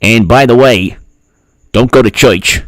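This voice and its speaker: A man's voice: mid-range voice, measured pace, fairly bright tone, no echo. A man hosting a casual political livestream, joking, laughing at his own lines and thanking viewers by name. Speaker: political commentator host.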